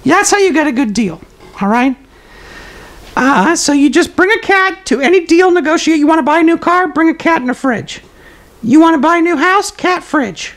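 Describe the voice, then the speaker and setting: Here a man performs a zany toilet paper roll puppet in an extremely high, expressive, slightly bright voice at a moderate pace. Hosting a comedic live stream, the puppet delivers absurd life advice as plain fact and talks with viewers, using hesitant fillers.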